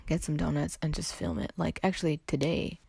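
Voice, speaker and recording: A young Californian woman hosts a casual solo podcast, sounding a little under the weather as she rambles and chats, cutting herself off with "like" and "anyway." Her voice sits low and gravelly with a darkish, breathy edge. She keeps a steady tone and talks a little fast.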